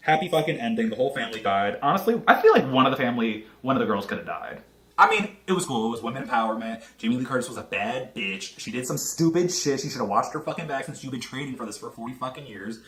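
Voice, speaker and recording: A man with a mid-range, bright, forceful voice rips through a casual movie review, swearing heavily and talking fast with tons of animated energy. He never settles into a formal tone, and the echoey room gives the recording a roomy sound.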